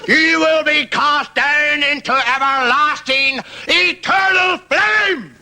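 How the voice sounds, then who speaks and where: A man impersonating a fiery male preacher, bellowing a slow, drawn-out sermon about hellfire. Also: very high-pitched, sharp tone, slight background noise, voice pushed up, heavily acted. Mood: thundering.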